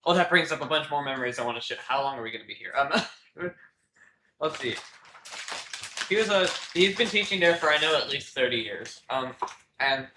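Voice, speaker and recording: A man's voice: medium pitch, expressive, normal speed, long pauses. A teenage boy co-hosting a casual podcast, rambling with many fillers and restarts and laughing often. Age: teens. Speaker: podcast co-host. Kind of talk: casual chat. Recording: echoey room with faint noise.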